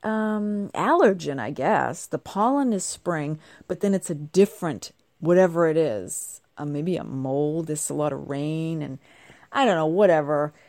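Chatty, congested woman with a low voice. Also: lively intonation, measured pace, darkish tone, no echo. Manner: bubbly, chatty, wandering asides. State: congested, nasal from a cold. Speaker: vlogger. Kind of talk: casual chatty monologue.

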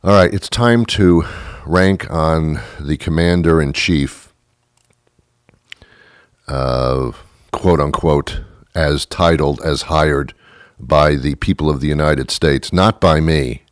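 A man's voice: rumbling low, slow pace, no echo, clean studio sound. A man hosting a podcast, delivering a rambling, sarcastic comedic monologue full of self-mocking apologies. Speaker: podcast host.

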